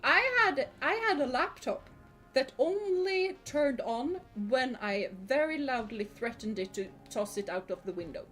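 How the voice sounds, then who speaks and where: A woman's voice: high-pitched, expressive, unhurried, fairly bright tone, faint music behind. Giggly woman chatting on stream. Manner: chatty, giggly, answers chat comments. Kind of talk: casual live-stream chat.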